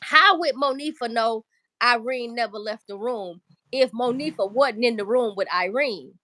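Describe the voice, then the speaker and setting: A woman's voice: a little high, moderate pace, pushed and bright, no echo. Emphatic woman commentator, dry sound. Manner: emphatic, repeats herself, swears. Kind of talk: casual commentary.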